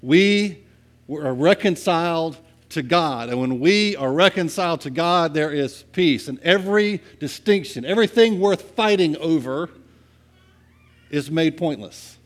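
Male pastor, fairly high voice, chatty sermon delivery, dips soft then pushes loud. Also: lively intonation, a little slow. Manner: conversational, asks "right?" often, swings from soft to loud.

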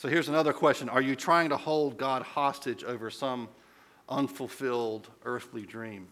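Bright-voiced man preaching a sermon. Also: medium pitch, steady tone, moderate pace. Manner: conversational storytelling, asks the listeners questions. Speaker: pastor.

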